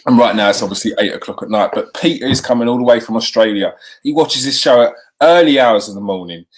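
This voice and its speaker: A man's voice: mid-range voice, fast. A man hosting a live show, chatting with viewers and repeating himself as he goes. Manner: lively, talks to the chat, repeats himself. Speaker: host.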